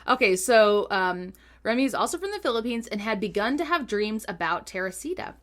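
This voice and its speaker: A woman co-hosting a podcast, telling a true-crime ghost story in a giggly, animated, chatty way. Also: medium pitch, a little fast. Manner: giggly, animated, lots of laughter. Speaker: podcast co-host. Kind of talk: casual chat, storytelling.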